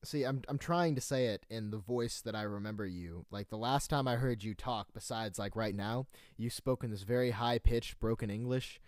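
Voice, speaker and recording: Low-voiced young man joking on air. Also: moderate pace, hardly any pauses, dry recording, studio quality. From North Carolina. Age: young adult. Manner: joking, rambling, laughs often, relays a caller's words. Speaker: host of a live stream show. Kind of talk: casual joking chat.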